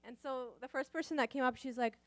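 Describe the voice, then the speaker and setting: A woman's voice: high-pitched, steady tone, brisk. A young college woman telling a church group about a campus outreach, speaking casually with many "like"s and "um"s. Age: young adult. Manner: casual, rambling, lots of "like" and "um". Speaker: college student sharing testimony. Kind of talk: church testimony.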